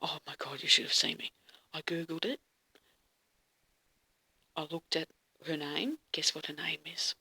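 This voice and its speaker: A woman's voice: deep voice, measured pace, pauses often, sharp tone, husky. A woman telling a dream story in a dramatic, casual way, often dropping to a whisper and swearing freely.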